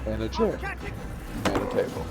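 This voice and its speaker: Low-voiced deadpan young man joking. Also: moderate pace. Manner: deadpan joke-telling. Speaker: co-host of a gaming channel. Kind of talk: casual let's-play banter. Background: game music.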